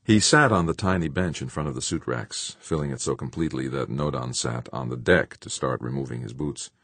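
A man narrating an audiobook in an expressive storytelling manner. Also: extremely low pitch, fairly quick, husky, no echo. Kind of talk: scripted narration.

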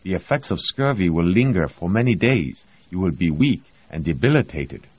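A man voicing a stern, no-nonsense doctor who speaks firmly and in measured sentences, on a dull lo-fi recording. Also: low-pitched, very animated, husky, dry recording, full character voice. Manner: firm, measured.

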